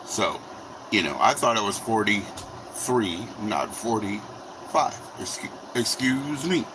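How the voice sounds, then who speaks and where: A man's voice: fairly low pitch, expressive, slow pace, noisy background. A man in his forties rambling and swearing casually as he hosts a livestream from his kitchen and talks to viewers. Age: 40s. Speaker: livestream host. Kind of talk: casual livestream chat while cooking. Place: home kitchen.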